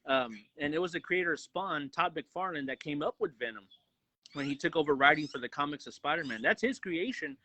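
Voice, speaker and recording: A man co-hosting a casual movie review podcast, talking excitedly with lots of swearing and acting out lines. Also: a little high, fairly quick, rough recording. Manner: excited, profane, acts out quotes.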